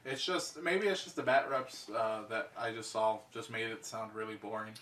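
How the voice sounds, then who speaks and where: A man's voice: lowish voice, normal speed, far from the mic. A man casually hosting a tabletop gaming podcast, bantering loosely and swearing freely. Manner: relaxed, profane banter. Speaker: podcast host. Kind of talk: casual chat.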